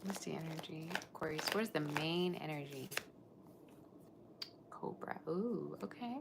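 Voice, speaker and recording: A woman with a low voice and a gravelly edge gives a live tarot reading. She talks in a chatty, rambling way and answers her viewers' comments as she goes. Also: fairly even intonation, normal speed, background noise. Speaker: tarot reader.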